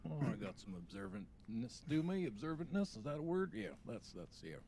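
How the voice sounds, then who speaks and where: A man plays a tabletop game at an ordinary middle pitch. He speaks haltingly, with starts and fillers. A faint room ambience is heard behind him. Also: big pitch swings, dark tone, slight background noise. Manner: hesitant, halting speech. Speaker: player.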